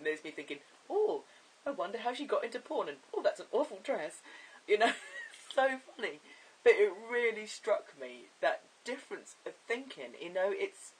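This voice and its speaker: A man chatting in a casual video diary, his voice deepening and cracking, rambling and giggling as he talks. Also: breathy edge, distant mic, rough recording. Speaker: vlogger.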